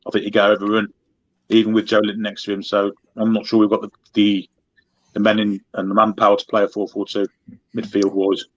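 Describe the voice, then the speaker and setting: A man on a panel explaining his football reasoning quickly in a casual discussion. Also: on the low side, completely flat delivery, no echo. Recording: dull, dry lo-fi line.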